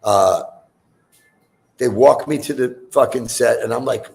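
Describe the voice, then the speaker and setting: Gravelly-voiced man telling a rambling story. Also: medium pitch, measured pace, darkish tone, slight background noise. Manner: profane, rambling storyteller with many fillers. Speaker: guest musician. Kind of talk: casual storytelling in a chat show.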